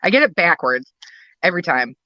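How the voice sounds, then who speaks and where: A woman's voice: fairly low pitch, sing-song, fairly quick, dry recording, muffled recording. A woman talking about her work as a wrestling booker and valet in a casual podcast interview, a chatty storyteller who laughs often.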